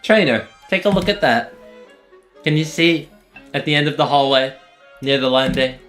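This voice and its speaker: A man's voice: on the high side, normal speed, fairly bright tone, soft background music, lightly acted. A man voicing an eccentric, smug young female scientist, reading game dialogue with theatrical, formal phrasing. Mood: conspiratorial.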